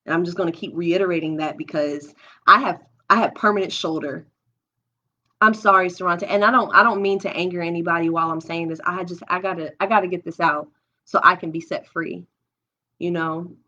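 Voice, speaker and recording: A woman's voice: lowish voice, steady tone, fairly quick, sharp tone. A young woman hosting a live stream at home, talking openly and emotionally through her own experiences, thinking aloud with many restarts. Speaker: livestream host. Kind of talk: candid personal talk on a live stream. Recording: dull lo-fi stream audio.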